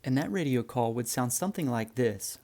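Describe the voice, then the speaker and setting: A man teaching flying, explaining radio calls in a relaxed, friendly way to viewers. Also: medium pitch, brisk. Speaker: flight instructor. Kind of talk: instructional narration.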